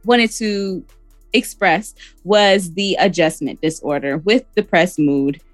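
A woman's voice: fairly low pitch, slow, no echo, soft background music. A woman co-hosting a casual podcast, explaining clinical diagnoses in plain talk and laughing between points. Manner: clinical terms mixed with laughing banter. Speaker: podcast co-host, therapist. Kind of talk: casual chat.

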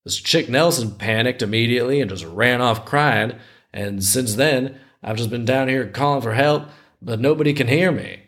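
A man's voice: medium pitch, normal speed, a bit bright, close to an everyday voice. A man voicing an injured old man stuck in a cellar, with a put-on Southern accent and a folksy, complaining drawl. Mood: pained, bewildered.

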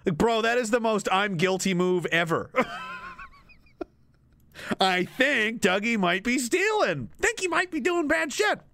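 With few pauses and a normal speed, a creaky, high-sitting male voice rants casually while streaming and reading chat. He's animated, cursing freely and laughing frequently.

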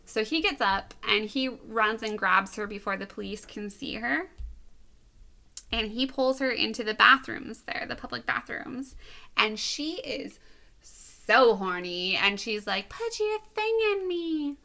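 A woman co-hosting a podcast, retelling a comic in casual chat, giggly and animated. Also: mid-range voice, measured pace, creaky. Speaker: podcast co-host.

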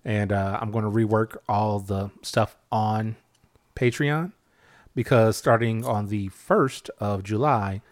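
A man's voice: on the low side, slow, dry recording. Male podcast host, easygoing, leads segments; dry, close sound. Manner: relaxed, joking, runs the show segments. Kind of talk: casual podcast chat.

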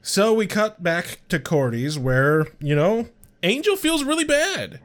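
A man co-hosting a casual podcast that recaps a TV episode. He reacts expressively, with quick laughs and exclamations. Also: high voice, big pitch swings. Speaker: podcast co-host.

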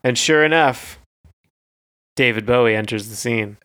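A man's voice: mid-range voice, a little slow, bright, forceful tone. Easygoing man chatting about a film. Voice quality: easygoing, agreeable, frequent backchannels. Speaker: podcast co-host. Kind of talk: casual movie review chat.

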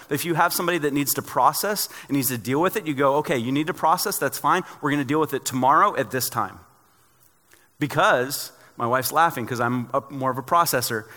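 In a large sanctuary full of long reverb, a pastor delivers his sermon in a bright, forceful, fairly high voice. His style is conversational, sprinkled with humorous personal anecdotes.

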